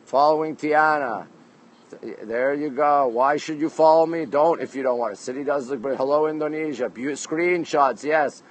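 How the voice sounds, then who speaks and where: A Canadian man with a slightly high voice hosts a casual livestream on a city rooftop at night, speaking at normal speed. He greets viewers by where they live and reads their comments aloud into his phone, and the audio is poor.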